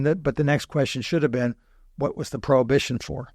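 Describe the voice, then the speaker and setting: A man's voice: mid-range voice, fast, a little mellow, no echo, studio quality. An older man, a guest scholar in a podcast interview, speaking thoughtfully with many restarts and asides.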